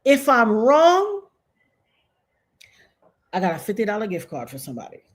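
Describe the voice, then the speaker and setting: A woman's voice: medium pitch, huge pitch swings, moderate pace. An American woman doing casual commentary, emphatic and repetitive, with sudden outbursts. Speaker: commentary vlogger.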